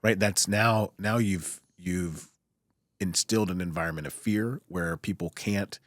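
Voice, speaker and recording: A man with a low voice speaks as a surgeon in relaxed podcast conversation. He sounds calm and reflective, circling back to rephrase his points. The sound is dry and close, with no room echo. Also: measured pace. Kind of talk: casual podcast chat.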